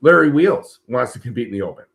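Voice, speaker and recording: A middle-aged man co-hosting a casual chat show, telling stories in a relaxed, blunt and profane way. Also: mid-range voice, fast, creaky. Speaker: co-host.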